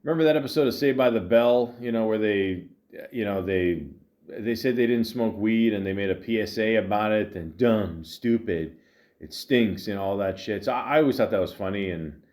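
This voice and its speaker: A tired man hosting a podcast, telling a long rambling story with lots of fillers, restarts and deadpan asides. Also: on the low side, moderate pace. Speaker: podcast host. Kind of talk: rambling comedic monologue.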